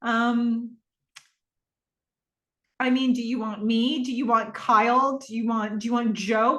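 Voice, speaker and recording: A woman's voice: on the high side, steady tone, fairly bright tone. Chatty woman recapping in an echoey room. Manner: chatty, rambling, with frequent fillers and quick acted-out quotes. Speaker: podcast host. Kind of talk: casual episode recap.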